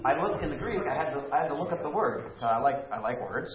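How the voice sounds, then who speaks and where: A man's voice: fairly high pitch, expressive, quick pace, a crowd in the background. A man leading a Bible study group, teaching emphatically and putting questions to the people around him. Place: room with a small group. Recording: echoey room, lo-fi.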